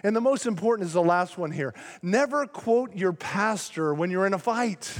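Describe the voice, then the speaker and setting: A man with a high voice preaches from the pulpit, growing loud and fired up whenever he gets passionate. His words ring out with the long reverb of a big church hall. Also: lively intonation, moderate pace. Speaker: pastor. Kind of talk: sermon. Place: church sanctuary.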